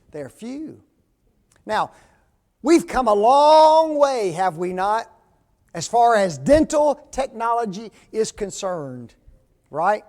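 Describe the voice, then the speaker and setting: A high-voiced man preaches in a church. He keeps it folksy and casual, tossing questions out to the congregation as he goes. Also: darkish tone. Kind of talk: sermon.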